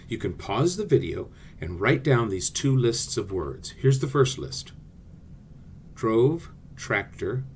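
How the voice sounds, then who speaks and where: A man's voice: on the low side, a little mellow, a little hiss or hum. A male theatre teacher giving a friendly class video lesson, explaining directly to his students.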